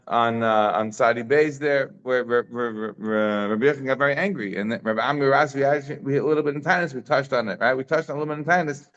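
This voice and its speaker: A man giving a casual Talmud class, telling the story with animated asides and Hebrew and Aramaic terms mixed into English. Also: mid-range voice. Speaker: Talmud teacher. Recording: slightly dull lo-fi audio.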